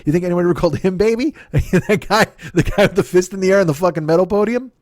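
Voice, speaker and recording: A man's voice: high voice, fast, a little mellow, no echo, clean studio sound. A man hosting his own comedy podcast, riffing in a rambling, profane monologue that keeps correcting itself. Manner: profane, digressive, self-correcting.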